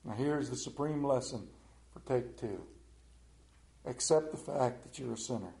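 A man's voice: mid-range voice, lively intonation, measured pace, vocal fry. Dramatic man preaching in a roomy church. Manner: dramatic, emphatic scripture reading with wide swings in loudness. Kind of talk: sermon. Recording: roomy echo.

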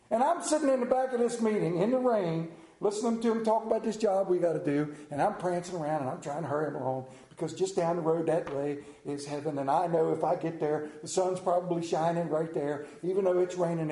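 A man telling a folksy story with a dramatic, drawn-out delivery and slowed emphasis. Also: high-pitched, dark tone. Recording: roomy echo.

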